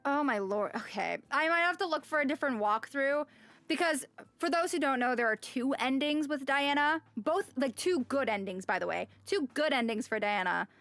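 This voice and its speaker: Female streamer with a high voice, chatty, sighs a lot, faint music behind. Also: lively intonation, normal speed, a bit bright, no room sound. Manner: chatty, with frequent sighs and exclamations. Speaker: game streamer. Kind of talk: casual live-stream chat and reading game text aloud.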